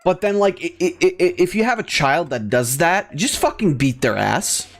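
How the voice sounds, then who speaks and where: A man's voice: fairly high pitch, lively intonation, normal speed, faint music behind. A young man hosting a gaming video, ranting in a rambling, profane way full of fillers and restarts. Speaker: gaming channel host. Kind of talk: casual ranting commentary over gameplay.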